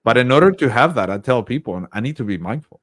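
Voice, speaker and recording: A man's voice: mid-range voice, expressive, fast talker, fairly bright tone, no room sound. A man speaking as a leadership coach in a casual interview, upbeat, acting out his own thoughts as quotes.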